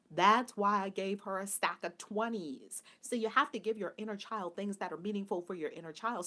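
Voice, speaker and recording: A woman giving a live spiritual talk who tells animated stories, laughs often and sometimes drops to a soft whisper. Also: mid-range voice. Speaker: spiritual teacher.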